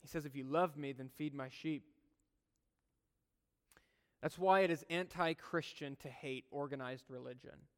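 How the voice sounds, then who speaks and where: A man's voice: on the high side, unhurried, long pauses, a bit bright, clear, resonant tone. A male pastor preaching a sermon, earnest and conversational, with humorous personal asides. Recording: long hall reverb.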